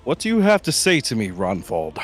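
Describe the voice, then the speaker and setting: A man voicing a stern, demanding commander in a live game dub, speaking in a slow, scolding way. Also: medium pitch, wildly swooping pitch, soft background music, voice pushed down. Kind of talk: amateur game voice-over read live on stream.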